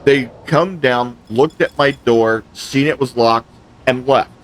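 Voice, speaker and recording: Speaking slowly in a mid-range voice, this man hosts a gaming channel and chats casually while he plays. He tells a lengthy complaint story, acting out both parties in the exchanges he recounts, over slight background noise.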